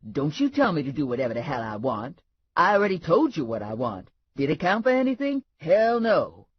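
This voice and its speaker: A woman voicing a brash, loud-mouthed sidekick woman in an audiobook, all scolding and sass. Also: low-pitched, very animated, moderate pace, slightly rough, dry recording, full character voice. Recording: dull lo-fi dry audiobook recording.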